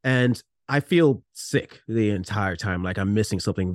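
A man's voice: lowish voice, moderate pace, hardly any pauses, no echo, studio quality. A man playing a tabletop game, rambling as he narrates his character's actions in the first person. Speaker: player.

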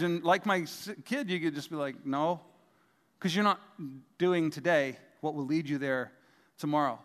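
A man's voice: on the high side, normal speed, a bit bright. A middle-aged male pastor giving a sermon, telling humorous, self-deprecating stories from his family life. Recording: long hall reverb.

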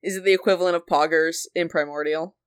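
A woman's voice: lowish voice, steady tone, quick pace, clear, resonant tone, no room sound, studio quality. A woman running a tabletop game as game master, teasing the players and stopping often on "um". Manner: playful teasing, many ums.

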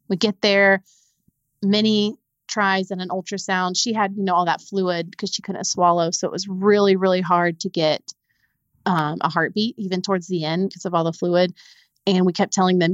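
A young adult woman, a podcast guest, telling a painful personal story in a halting way, repeating words when it gets hard. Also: lowish voice, steady tone, no room sound, dull audio.

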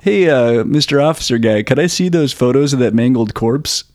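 A man's voice: mid-range voice, animated, normal speed, a little mellow, no room sound, studio quality, lightly acted. A man putting on the voice of a janitor in a movie, in a casual, mock-serious way while retelling a scene. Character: male janitor telling a tall tale, middle-aged.

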